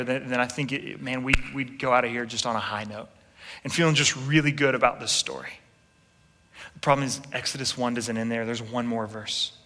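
A man in his thirties preaching a sermon with animated storytelling, acting out quotes and making asides to his congregation. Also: medium pitch. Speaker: pastor. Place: large church hall. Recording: long reverb in a big hall.

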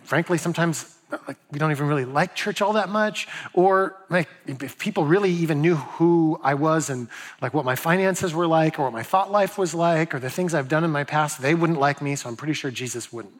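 A man's voice: fairly high pitch, brisk. A man preaching a sermon as a pastor, talking in a loose, joking, storytelling way and putting questions to his audience.

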